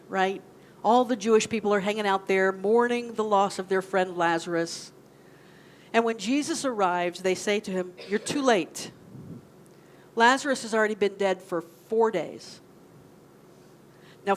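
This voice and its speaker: A woman minister gives a sermon in a conversational way, often asking the congregation questions. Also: medium pitch. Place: church sanctuary.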